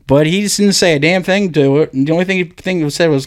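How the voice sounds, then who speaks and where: A man's voice: fairly high pitch, quick pace, hardly any pauses, no echo, studio quality. A man co-hosting a podcast, telling a crude story in a rambling, profane way full of "like". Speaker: podcast co-host.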